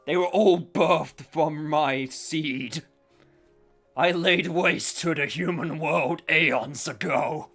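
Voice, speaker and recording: A man voicing an ancient, boastful dragon lord with slow, pompous declaiming. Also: fairly high pitch, fairly bright tone, slightly rough, faint music behind, heavily acted.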